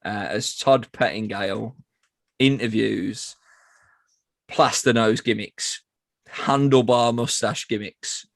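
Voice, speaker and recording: A man's voice: on the low side, slow pace, vocal fry, pauses often, no room sound, studio quality. Sweary man recapping wrestling. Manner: sweary, sarcastic, rambling recap. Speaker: podcast co-host reviewing wrestling. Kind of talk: casual recap narration.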